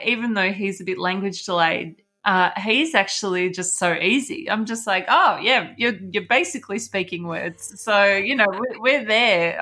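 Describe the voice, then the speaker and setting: A woman's voice: mid-range voice, sharp tone. A woman co-hosting a casual parenting chat, talkative and laughing often. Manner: chatty, laughs often, acts out her child's words. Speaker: podcast co-host.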